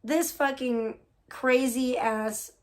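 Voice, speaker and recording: A woman's voice: sits high, takes it slowly. A woman hosting a casual livestream, gossiping and reacting to chat, swearing freely. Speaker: livestream host.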